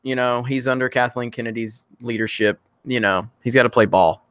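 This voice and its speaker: Relaxed man hosting a stream. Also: medium pitch, moderate pace, clean tone, no room sound. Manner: relaxed, rambling, reads viewer chat. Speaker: host. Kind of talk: casual livestream chat.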